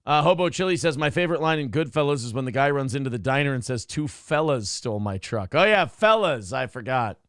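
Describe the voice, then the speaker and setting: A man's voice: medium pitch, lively intonation, quick pace, few pauses, fairly bright tone, smooth, dry recording, clean studio sound. A man co-hosting a casual live show, reading viewer messages aloud and joking about movie quotes. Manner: joking, quotes movie lines in put-on voices. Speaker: co-host reading viewer super chats. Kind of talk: casual live-stream banter.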